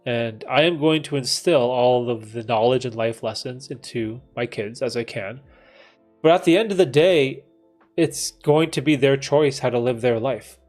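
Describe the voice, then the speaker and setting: A man's voice: medium pitch, moderate pace, a little mellow, soft background music. A man in his thirties hosting a livestream, reading chat and talking in a casual, laid-back way, with frequent dude and bro and some swearing. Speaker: livestream host answering chat.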